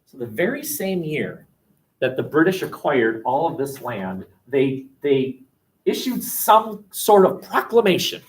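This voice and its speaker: A male history teacher giving a classroom lecture, animated and jokey, with many restarts and fillers. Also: on the high side, a little slow, recorded from a distance, low-quality recording.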